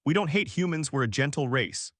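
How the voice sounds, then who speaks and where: A man's voice: a little high, expressive, fairly quick, a bit bright, no room sound, voice pushed up. Frightened goblin father, voiced by a man, stammering pleas, dry recording. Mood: pleading. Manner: stammering, begging.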